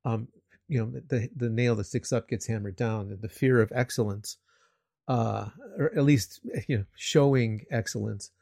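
A man's voice: mid-range voice, fairly even intonation, moderate pace, vocal fry, a little mellow, no echo, studio quality. A man chatting casually, telling a rambling anecdote with restarts and chuckles. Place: living in Japan.

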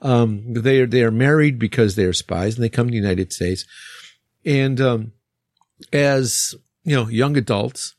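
A man's voice: mid-range voice, measured pace, a little mellow, no echo, clean studio sound. A man who teaches English, chatting casually and rambling with fillers and restarts. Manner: rambling, many fillers and restarts, laughs often. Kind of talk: casual podcast chat.

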